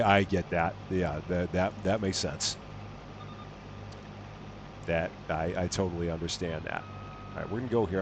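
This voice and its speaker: A man's voice: lowish voice, slight background noise. A man with a chatty, amused manner, chatting casually with his live-stream audience and laughing often. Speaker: game streamer reading chat.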